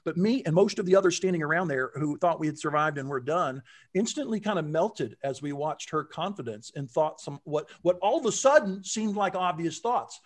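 A man telling a story in casual conversation, acting out quotes with lively jumps in his voice. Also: fairly quick. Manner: animated, acts out quotes with big pitch jumps.

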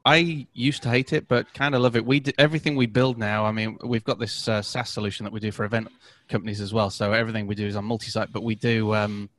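A man's voice: lowish voice, level tone, quick pace, hardly any pauses, fairly bright tone. A man with a British accent co-hosting a podcast, chatting in an upbeat, enthusiastic way. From Britain. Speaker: podcast co-host. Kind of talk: casual chat.

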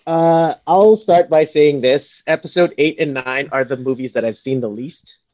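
A man co-hosting a podcast in casual chat, measured and precise, correcting details. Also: a little high, a little mellow, no room sound, dull audio. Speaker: podcast co-host.

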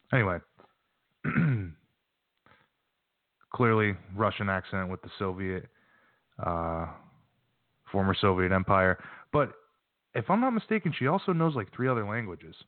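A male show host with a lowish voice who talks in a loose, rambling way and often restarts his sentences. The sound is tinny and phone-like, and it is completely dry. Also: no echo. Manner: chatty, rambling, self-correcting. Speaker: podcast host. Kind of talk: casual chat.

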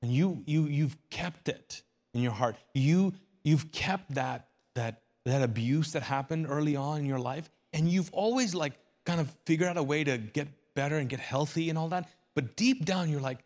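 A man's voice: on the high side, normal speed, a little mellow. A man preaching a sermon as a pastor, speaking earnestly and conversationally, often repeating and restarting phrases.

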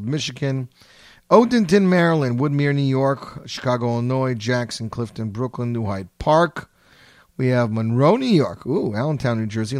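A man hosting a radio countdown show, upbeat, with sudden excited jumps in pitch and volume. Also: no echo, clean studio sound. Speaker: radio host.

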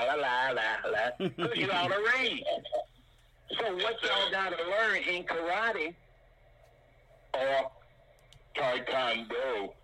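An older man teaching martial arts in an animated way, punctuating his points with sound effects like boom and bam. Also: rough recording.

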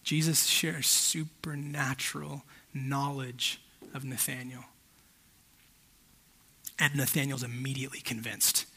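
A man's voice: mid-range voice, little pitch movement, slow, pauses often, bright, forceful tone, breathy edge. A young man giving a casual, conversational sermon that keeps checking in with his listeners.

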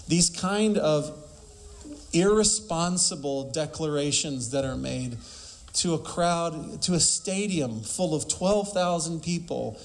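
Emphatic higher-voiced male preacher. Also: lively intonation, slow pace. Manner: emphatic, with rhetorical questions and scripture quotes. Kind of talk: sermon.

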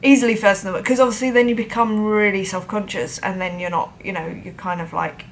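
A woman's voice: mid-range voice, steady tone, brisk, a little hiss or hum. A woman drummer telling a personal story to camera in a chatty, self-deprecating way, acting out the voices of other people.

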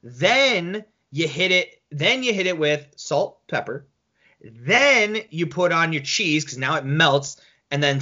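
A young male co-host argues in a loose podcast debate, incredulous and swearing. His high, bright voice jumps around a lot in pitch, and the recording sounds slightly dull and lo-fi.

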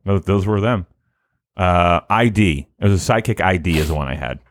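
Male co-host, low voice, a bit hoarse from the morning, loose rambling chat, dry close mic. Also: expressive, a little fast, dry recording. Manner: laughs often, rambling with restarts. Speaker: podcast co-host. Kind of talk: casual chat.

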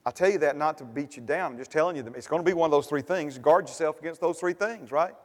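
A man's voice: fairly high pitch, fast. A man preaching a sermon as pastor, building to emphatic bursts and repeating refrains. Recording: long hall reverb.

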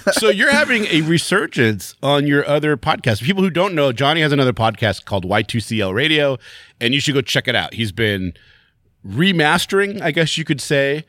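A man co-hosting a podcast in casual chat, animated and teasing, laughing often. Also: on the high side, fairly quick, no echo, studio quality. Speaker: podcast co-host.

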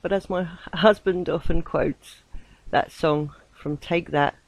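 A woman's voice: on the low side, fairly even intonation, takes it slowly, no echo, rough recording. An English woman hosting a spiritual radio show, talking in a casual, meandering way with many fillers and a ready laugh. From England. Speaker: host. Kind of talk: casual rambling radio monologue.

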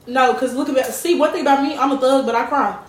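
A woman's voice: high voice, quick pace, slight background noise. A woman co-hosting a podcast in casual chat, talking dramatically and playfully and laughing often. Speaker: podcast co-host. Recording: roomy, from a distance.

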